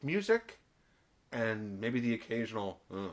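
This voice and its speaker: A man's voice: fairly low pitch, unhurried. A man co-hosting a podcast, chatting casually and animatedly about a TV episode. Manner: animated, jumps into voices when retelling. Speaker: podcast co-host.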